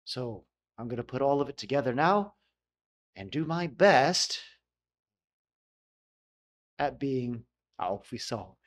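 A man's voice: medium pitch, lively intonation, unhurried, long pauses. An American man teaching English pronunciation in a casual video lesson, repeating sounds to model them.

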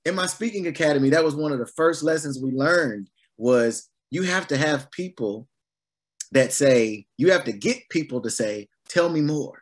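A man preaching a sermon in a relaxed, conversational way, mixing everyday stories with gentle humor. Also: fairly high pitch, normal speed. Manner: animated and conversational, acting out lively quoted voices.

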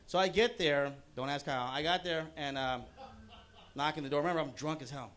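A man's voice: a little high, brisk, a bit bright. A man doing a stand-up comedy set at a bowling-alley showcase, talking loosely with lots of fillers. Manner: loose, chatty delivery with frequent fillers.

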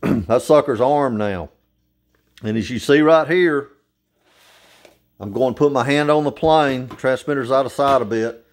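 A man's voice: mid-range voice, a little slow, pauses often. An older man giving a casual, folksy how-to demonstration at home, plain-spoken and walking through each step. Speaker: hobbyist demonstrating a model plane.

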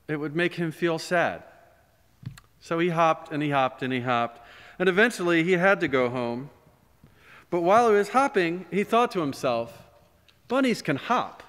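A man, a pastor, telling a story during a sermon in a gentle, animated way, recorded in a church. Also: on the high side. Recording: long church reverb.

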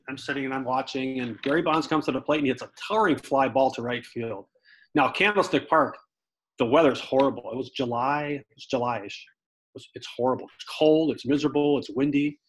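A middle-aged man telling lively stories as a guest, a former baseball player. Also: mid-range voice, fairly quick, poor audio. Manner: animated, lively storyteller. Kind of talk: storytelling anecdotes.

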